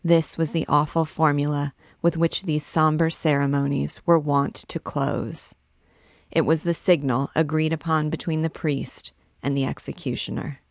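A woman reading a classic novel aloud in a measured, dramatic way. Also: low-pitched, fairly even intonation, no echo, clean studio sound. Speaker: book reader and guide.

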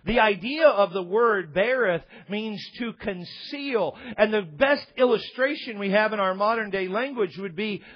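High-voiced pastor preaching. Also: male voice, slightly rough. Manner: conversational preaching with humor and stammered restarts. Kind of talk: sermon. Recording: dull, lo-fi sermon recording.

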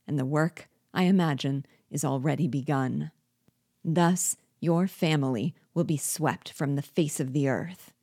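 A woman's voice: low-pitched, warm tone, husky, no echo, studio quality, heavily acted. A woman reading as Habibra, a vengeful gloating dwarf. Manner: bitter, gloating, slow deliberate speech. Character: vengeful scheming male dwarf, former court jester.

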